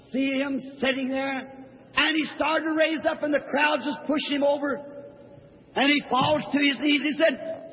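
A preacher tells a Bible story fervently and builds to shouts. His voice is strikingly high and his delivery slow and deliberate. The sound rings with a long hall reverb and comes through dull, lo-fi. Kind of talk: sermon, dramatic Bible storytelling. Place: large hall with a congregation.

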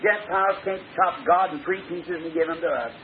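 A stubborn, skeptical old rabbi speaks in a firm, dismissive voice that sits fairly high, as a preacher quotes him. The tape is old and tinny, like a phone line. A faint hiss sits behind him. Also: male voice, fairly quick, close to an everyday voice.

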